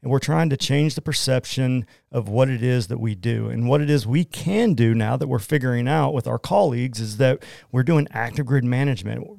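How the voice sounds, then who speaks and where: Gravelly-voiced Oklahoman entrepreneur, man. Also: mid-range voice, dry recording, clean studio sound. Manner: casual, energetic, says "man" and "you know". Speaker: guest, entrepreneur. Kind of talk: casual radio interview. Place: small studio.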